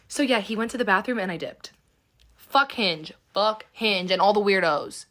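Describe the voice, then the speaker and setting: A woman's voice: medium pitch, normal speed, fairly bright tone. Young adult woman, storytime host, casual and profane with a sarcastic bite.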